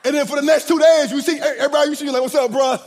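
A man preaching a sermon, swinging from loud shouted points to hushed asides. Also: very high-pitched, fairly even intonation, rapid-fire. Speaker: pastor. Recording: long hall reverb.

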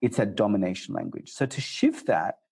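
A man answering interview questions about communication in a conversational way, jumping up in pitch for quoted asides. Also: expressive, normal speed, vocal fry, a little mellow, husky. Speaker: guest speaker on communication.

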